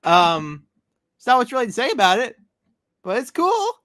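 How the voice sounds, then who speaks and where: Lively young man with bright voice. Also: very high voice, normal speed, no room sound. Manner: animated, recaps with acted quotes. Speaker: podcast co-host. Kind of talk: casual chat recapping comics.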